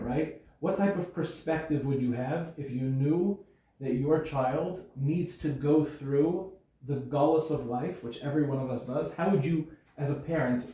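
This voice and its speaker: A man's voice: medium pitch, warm tone. A man giving an informal Torah class. He talks in a conversational way, asks his listeners questions and slips in dry humor. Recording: distant, echoey, muffled lecture recording.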